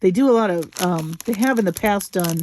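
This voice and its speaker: A woman hosting a crafting video, gushing slowly and admiringly over beads with soft exclamations as she unboxes them. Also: mid-range voice, a little hiss or hum. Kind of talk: unboxing commentary.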